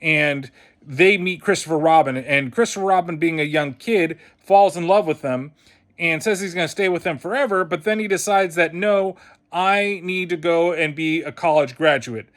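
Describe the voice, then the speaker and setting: A man's voice: a little high, a bit bright. A man giving a casual spoken film review, blunt and heavily profane, with a scornful, mocking edge.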